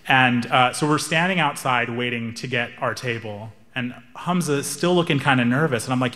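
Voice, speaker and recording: A young man doing stand-up, telling a story in an animated, wry, self-amused way. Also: fairly high pitch, brisk. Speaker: stand-up comedian.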